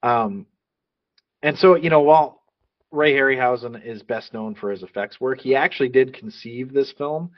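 A man's voice: mid-range voice, moderate pace, no echo, muffled recording. Man reading movie trivia, ums. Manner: reads trivia notes with filler ums. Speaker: podcast co-host. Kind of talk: casual movie podcast chat.

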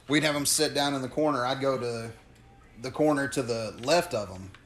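A man's voice: medium pitch, moderate pace, a bit bright, slight background noise. A man who wrestles, hosting a casual podcast chat and telling stories in an easygoing way.

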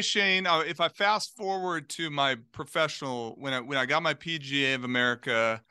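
A man in his forties, a golf pro guest on a podcast, telling stories in an animated, casual way. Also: on the high side, clean tone, dry recording, clean studio sound. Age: 40s. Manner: animated storyteller.

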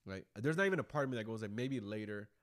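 A man co-hosting a podcast, talking about movies in a rambling, animated way with a lot of swearing. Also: medium pitch, rapid-fire. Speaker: podcast co-host. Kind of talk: casual chat.

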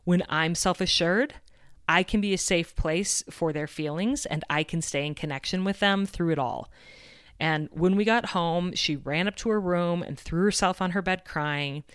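Low-voiced woman podcast host. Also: moderate pace, smooth, dry recording, studio quality. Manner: earnest, reflective storytelling. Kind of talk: podcast monologue.

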